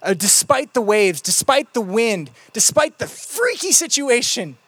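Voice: mid-range voice, a little slow, no echo. Conversational preacher with a dry sound. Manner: conversational storytelling with playful asides; shifts between lively retelling and quiet emphasis. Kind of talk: sermon.

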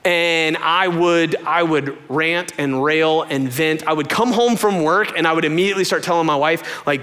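A young adult man preaching a sermon, telling a personal story in an animated way and jumping up high in pitch when he acts out what people said. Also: normal speed, few pauses. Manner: animated storytelling, voices quoted lines in a much higher pitch. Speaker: pastor. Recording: long hall reverb.

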